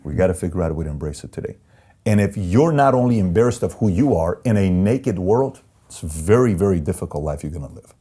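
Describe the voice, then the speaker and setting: A man who is an entrepreneur, being interviewed and telling candid stories in an animated, emphatic way that repeats key phrases. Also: sits low, fast talker, slightly rough. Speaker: entrepreneur guest.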